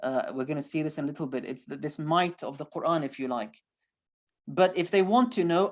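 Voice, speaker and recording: A man's voice: on the high side, fairly quick. A man teaching a lecture on scripture, speaking emphatically and building points through repetition. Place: online lecture.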